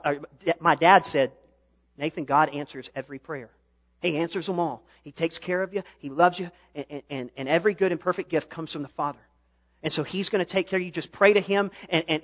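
A young man preaching a sermon on a church stage, telling a personal story and building to impassioned, shouted appeals. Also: high voice.

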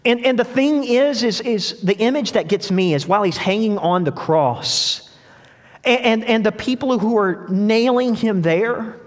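A young man preaching a sermon to his congregation in a casual, storytelling way, often restarting his sentences. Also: high voice. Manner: conversational, storytelling, frequent restarts. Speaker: pastor. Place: church sanctuary. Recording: long hall reverb.

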